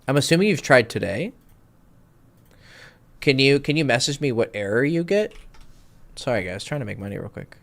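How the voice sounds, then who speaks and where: A man's voice: mid-range voice, expressive, moderate pace, gravelly, pauses often, fairly bright tone. A man talking as a dating coach in a casual livestream Q&A, rambling with lots of fillers and swearing freely. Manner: rambling, filler-heavy, profane.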